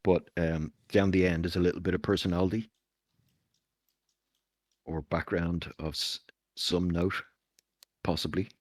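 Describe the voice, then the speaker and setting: A game master rambles through setup with plenty of fillers. His voice sits low and the sound is dry and close. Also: flat delivery, unhurried, long pauses, no echo. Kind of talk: casual tabletop game chat.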